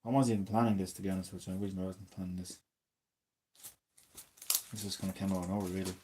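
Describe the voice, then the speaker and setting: A man in his thirties, chatting casually and swearing a lot as a gaming streamer, drifting between loud remarks and mumbled asides. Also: deep voice, level tone, fast talker, slight background noise. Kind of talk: casual rambling commentary.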